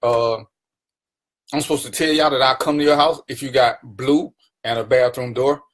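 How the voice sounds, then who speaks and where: A man's voice: mid-range voice, steady tone, moderate pace. A man hosting his own live stream, greeting viewers by name and teasing them in casual, playful banter. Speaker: livestream talk show host.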